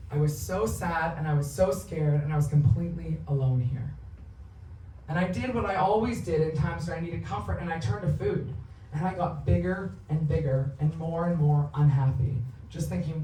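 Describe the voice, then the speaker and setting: A woman's voice: sits low, moderate pace, warm tone. Woman in her thirties doing candid stand-up. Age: 30s. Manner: candid, profane, storytelling. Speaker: stand-up comedian. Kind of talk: confessional stand-up set. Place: theatre stage. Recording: roomy, distant live theatre recording.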